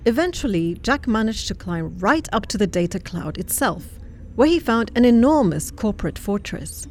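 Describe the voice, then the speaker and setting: A woman narrating a storybook tale in a steady, lightly wry way. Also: medium pitch, normal speed, a little hiss or hum.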